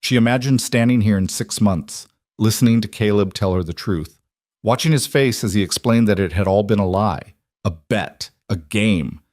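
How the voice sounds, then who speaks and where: A man narrating a scripted romance story in an even, steady delivery. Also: on the low side, normal speed, dry recording, clean studio sound.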